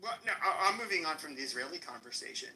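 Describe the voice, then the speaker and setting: A man's voice: fairly high pitch, lively intonation, fast talker, sharp tone, poor audio. A man with an American accent hosting a live podcast stream, taunting and cursing at a rival in a heated rant. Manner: aggressive, taunting, profane. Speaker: podcast host.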